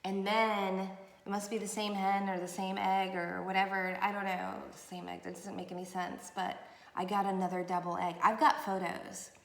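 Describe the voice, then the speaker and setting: A woman's voice: mid-range voice, flat delivery, normal speed, vocal fry, roomy sound. A woman doing a late-night tarot reading, talking in a meandering, emotional way to her viewers. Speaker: tarot reader. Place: room at night.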